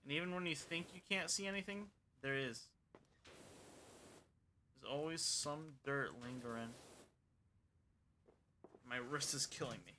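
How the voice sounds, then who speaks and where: A man's voice: on the high side, measured pace, long pauses, pushed and bright, slight background noise, rough recording. A man streaming a cleaning game, rambling and joking to himself and his viewers as he plays. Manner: rambling, joking, talks to himself while playing. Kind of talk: casual gameplay commentary.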